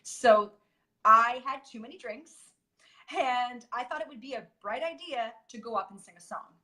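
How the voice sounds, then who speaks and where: A woman guest sharing a hard personal story candidly, in halting sentences full of restarts and fillers. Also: a little high, bright, forceful tone.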